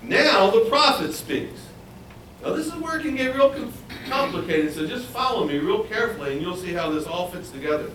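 Animated preacher in an echoey room. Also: male voice, normal speed, far from the mic, a little hiss or hum. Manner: animated, acts out quoted voices in a higher pitch. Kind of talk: sermon, Bible teaching.

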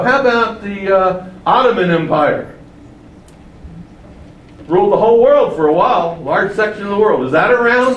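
Emphatic preacher in an echoey room. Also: male voice, high-pitched, highs cut off, a little hiss or hum. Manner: emphatic, rhetorical questions, sweeping shifts in loudness. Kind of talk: sermon. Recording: echoey room from far off, faint ambience.

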